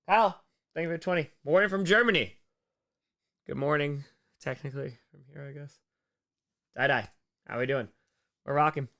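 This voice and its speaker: A young man hosting a charity livestream, chatting casually and telling silly made-up stories in a deadpan way. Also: medium pitch, moderate pace, pauses often. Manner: playful, breaks into sudden loud shouted donor shout-outs. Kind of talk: casual live stream chat, improvising silly stories.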